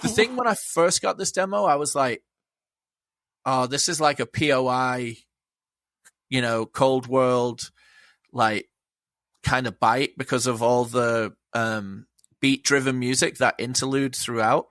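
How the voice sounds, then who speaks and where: A man's voice: medium pitch, unhurried, pauses often, fairly bright tone, dry recording. Enthusiastic man, dry sound. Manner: enthusiastic, rambling, swears freely. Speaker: podcast guest. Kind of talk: casual chat.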